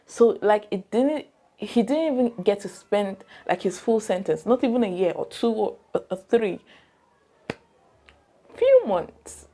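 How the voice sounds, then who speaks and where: A woman's voice: medium pitch, moderate pace, dark tone. A young woman with a Nigerian accent, casually retelling a true crime case, chatty and digressive, often asking her viewers questions. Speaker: true crime channel host.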